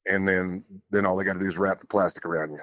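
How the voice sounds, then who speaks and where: Low-voiced man telling his story. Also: fairly even intonation, quick pace, fairly bright tone, no echo. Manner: plainspoken, loose, with casual fillers. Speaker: podcast guest. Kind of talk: conversational storytelling.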